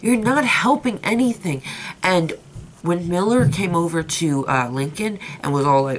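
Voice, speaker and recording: A woman's voice: deep voice, normal speed, slight background noise. A young woman reviewing a TV episode in a vlog, ranting in an impassioned, exasperated way. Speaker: TV show reviewer.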